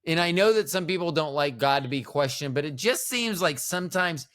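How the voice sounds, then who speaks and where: A man's voice: fairly high pitch, expressive, fairly quick, a bit bright. A middle-aged man co-hosting a podcast, rambling through playful jokes in casual chat. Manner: rambling, playful, jokey asides. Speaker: podcast co-host.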